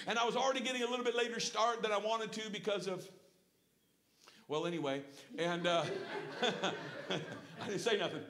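A middle-aged man preaching a folksy sermon with personal stories, swinging from hushed asides to shouted praise. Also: high-pitched, animated, brisk. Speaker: pastor. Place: church sanctuary. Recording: echoey church room. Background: congregation calling out responses.

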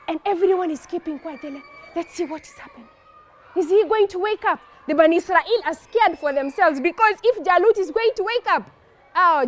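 A woman telling a story to children in an animated, expressive, playful way. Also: very high-pitched, slight background noise.

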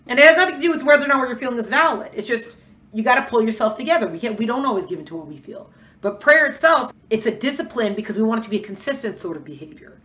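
A woman teaching a lecture class in a quick, conversational way, acting out bits of dialogue. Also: medium pitch, fairly bright tone. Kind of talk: lecture on religious texts.

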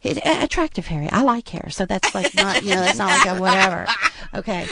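A woman hosting a casual late-night radio show, rambling and chatty, animated when she tells a story. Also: medium pitch, fast talker, gravelly, very noisy. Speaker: radio DJ host.

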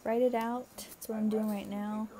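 Over crowd noise, a young woman gives a casual, encouraging tarot card reading, chatty and full of fillers. Her voice is medium-pitched, level and a little crackly with tiredness, at a normal speed.

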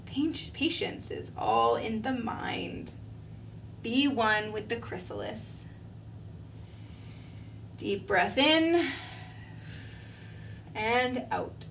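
A woman's voice: a little high, lively intonation, drawn-out words, pauses often, fairly bright tone, full character voice. A woman voicing an impatient, fretful little male caterpillar who sighs and gives himself pep talks, heard from a distant mic. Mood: strained calm. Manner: sighing, self-pep-talking, whiny. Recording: distant mic, faint room noise.

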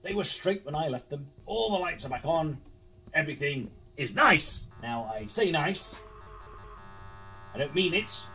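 A man's voice: fairly high pitch, lively intonation, a little slow, pushed and bright, distant mic, soft background music. A man commentating a horror game, swearing a lot, jumpy and sarcastic. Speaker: gaming YouTuber.

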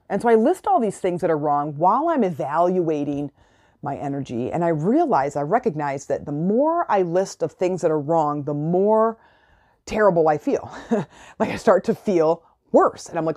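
Chatty woman podcaster, mellow voice. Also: fairly low pitch, expressive, normal speed. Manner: chatty, rambling, many "like" and "you know" fillers. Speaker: podcast host. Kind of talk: casual motivational monologue.

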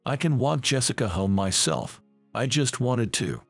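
A steady, firm mother who will not be pushed around, read by a male narrator. The voice has a gravelly, husky grain and an animated lilt. It is recorded dry and close, as in a storybook. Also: mid-range voice, a little slow, soft background music. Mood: gentle. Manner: calm and firm. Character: calm, firm mother protecting her family.

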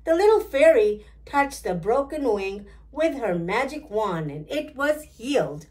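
A woman reading a children's picture book aloud in a slow, clear, deliberate way. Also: a little high, sing-song, a little mellow. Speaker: storytime reader.

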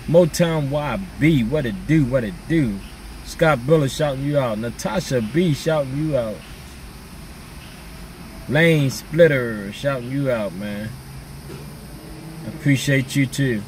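A man talks casually to his viewers in relaxed slang, calling out names as he goes. His voice sits at an ordinary pitch and comes from a little way off the mic. A faint hum runs underneath. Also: far from the mic. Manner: laid-back, chatty slang, reads out viewer names. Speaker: vlogger.

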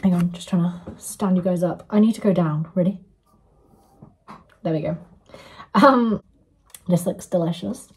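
Young woman, casual eating vlog, mellow low voice, very breathy. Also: fairly even intonation, normal speed, pauses often. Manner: chatty, eating while talking, soft murmured asides. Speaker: vlogger. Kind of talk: casual mukbang eating vlog, half-whispered ASMR.

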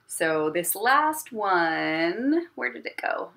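A woman teaching an online elementary music class at her computer, talking slowly and gently and singing warm-ups. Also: mid-range voice, very animated. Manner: gentle, encouraging, slow and clear, sings warm-ups. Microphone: computer mic. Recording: piano playing along.

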